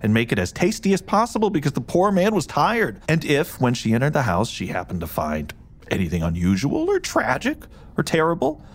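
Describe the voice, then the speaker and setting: A man co-hosting a podcast, chatting casually about a story and reading passages aloud with lively emphasis. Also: on the high side, fairly quick. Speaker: podcast co-host.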